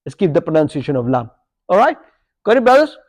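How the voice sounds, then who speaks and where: A man's voice: fairly high pitch, big pitch swings, fast. A man teaching an Arabic grammar lesson to a live class, quizzing students and checking in with "okay?" and "yeah?" as he goes. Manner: corrects his own slips aloud.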